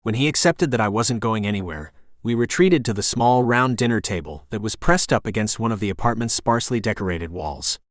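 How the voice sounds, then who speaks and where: A man's voice: fairly low pitch, animated, a little fast, hardly any pauses, dry recording. A man narrating a romance audiobook in the first person, with an intense, dramatic delivery on a studio microphone.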